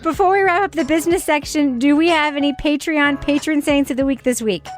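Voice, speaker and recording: Brisk, joking woman co-host. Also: high-pitched, soft background music. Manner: brisk, joking, plugs the show. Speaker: podcast co-host. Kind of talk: casual podcast banter.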